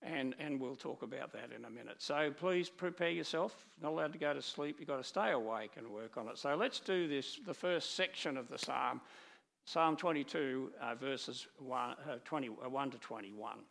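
A middle-aged man preaching with slides, talking in a lively way with many restarts and acted quotes. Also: medium pitch, normal speed, gravelly. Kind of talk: sermon with slides.

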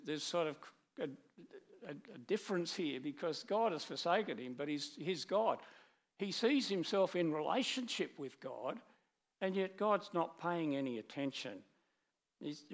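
Lively middle-aged male preacher. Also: on the high side, measured pace. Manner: animated, with many restarts and acted quotes. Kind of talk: sermon with slides.

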